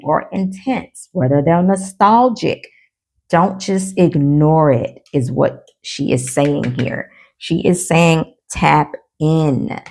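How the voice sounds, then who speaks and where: A woman's voice: low-pitched, darkish tone. A woman giving a casual tarot reading to her viewers. She is chatty and giddy, calls them y'all, laughs at herself and trips over her words. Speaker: tarot reader.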